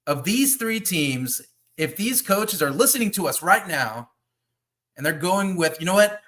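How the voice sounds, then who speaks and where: A man's voice: high voice, sing-song, measured pace, a bit bright. A man hosting a casual sports podcast, upbeat and reading out viewer comments. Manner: upbeat, reads chat comments. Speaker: podcast host.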